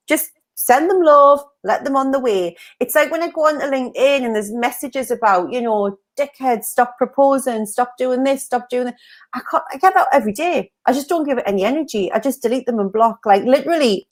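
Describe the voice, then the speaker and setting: A woman co-hosting a casual livestream, chatty and bubbly, laughing often as she reads out viewer comments. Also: on the high side. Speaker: co-host of a mindset livestream.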